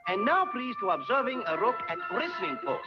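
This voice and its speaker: A man voicing a mock-polite announcer in an old propaganda cartoon, speaking in halting, broken English. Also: sits high, wildly swooping pitch. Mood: announcing. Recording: dull old cartoon soundtrack with music.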